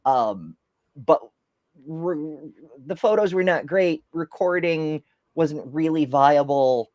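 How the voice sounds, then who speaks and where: A woman's voice: low-pitched, takes it slowly, no echo. A woman hosting a podcast, telling stories in a rambling, casual way and laughing often. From United States. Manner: rambling, animated storyteller with frequent laughs. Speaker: podcast host. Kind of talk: casual chat.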